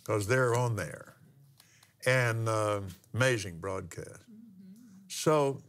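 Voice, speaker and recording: An older man, a minister telling a testimony story in a folksy, drawn-out way with pauses and restarts. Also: on the low side, fairly bright tone. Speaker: minister and pilot. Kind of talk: storytelling testimony in a broadcast talk.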